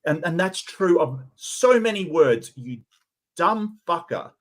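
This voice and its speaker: A man's voice: a little high, animated, a little slow. A man in casual chat, blunt and sardonic, with a lot of swearing. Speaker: co-host reviewer.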